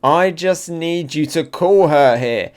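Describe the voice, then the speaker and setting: A man voicing a huge spider-woman villain from a comic, slow and deliberate. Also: on the high side, pitched above the performer's own voice. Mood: menacing.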